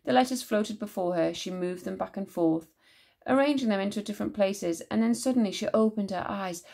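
A woman teacher reading a children's novel aloud in a measured, expressive way. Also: mid-range voice, vocal fry.

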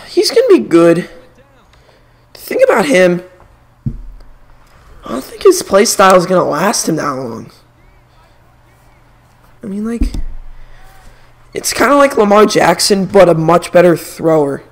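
Young male streamer, bright higher voice, animated, trading hot sports takes while playing. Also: measured pace, long pauses. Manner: opinionated, animated sports banter. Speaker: gaming streamer. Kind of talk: casual chat while playing a video game.

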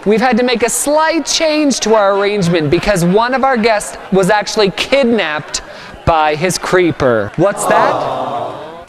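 A man's voice: high voice, slight background noise. A young man playing a brash, mocking trash-TV talk show host in a comedy sketch, talking like an announcer.

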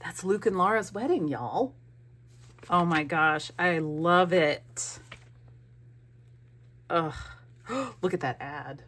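A woman's voice: sits low, slow pace, long pauses, a bit bright. A woman craft vlogger opening mail, who gushes, gasps and thinks aloud as she goes. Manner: gushing, gasping, thinking aloud. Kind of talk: casual unboxing chat.

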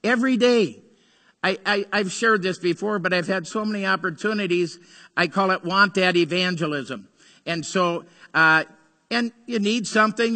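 A male pastor preaching a sermon, telling stories earnestly, rising to urgency and dropping to hushed tones. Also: high-pitched. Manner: earnest storytelling, swings between urgent and hushed. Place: church sanctuary. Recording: long hall reverb.

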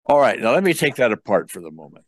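An older man leads a client through a tapping session, calm and guiding, checking in often. His voice sits at an ordinary middle pitch, and it is recorded dry and close. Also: fast talker, dry recording. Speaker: tapping coach. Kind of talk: therapy session coaching.

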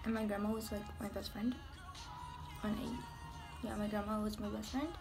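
A woman's voice: mid-range voice, level tone, moderate pace, a crowd in the background. A young woman chatting candidly and rambling while doing her makeup for a vlog. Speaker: beauty vlogger. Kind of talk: casual get-ready-with-me chat. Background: music.

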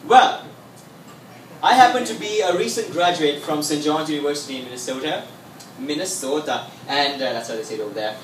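A young man with a Sri Lankan accent works a comedy club crowd as a magician, his patter chatty and showy. His voice sits a little high. The recording is echoey, with the mic far from him and faint room noise behind. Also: fairly quick. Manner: chatty, showman-like. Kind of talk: stand-up stage patter.

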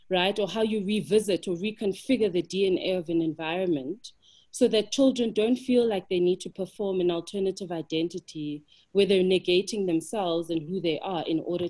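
A woman's voice: mid-range voice, darkish tone. A South African woman speaking as a panelist in a webinar discussion, impassioned and emphatic, building her points with rhetorical questions over a video call.

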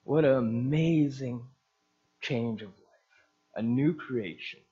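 A male pastor delivers a testimony sermon in an earnest, storytelling way. He slips into the voices of the people he quotes, and his pitch sits in a middle range. The recording sounds dull and lo-fi. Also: slow pace, warm tone, breathy edge.

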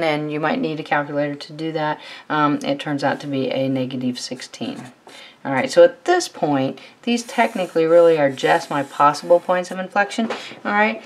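A woman math teacher explaining a calculus problem step by step, often pausing on "all right.". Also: low voice. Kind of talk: recorded math tutorial.

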